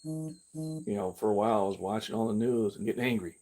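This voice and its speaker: A man's voice: lowish voice, animated, a little fast, dark tone. An older man hosting a fitness channel, talking candidly in a rambling live-stream, with many restarts. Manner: candid, meandering, with frequent restarts; acts out his own past reactions in a mocking voice. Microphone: camera he carries himself.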